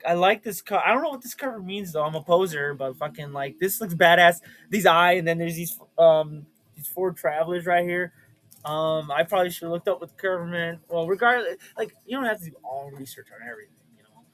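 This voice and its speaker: A young man in casual chat, showing off his records with excited, profane enthusiasm. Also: on the high side, brisk, rough recording. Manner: excitable and profane, with bursts of shouting.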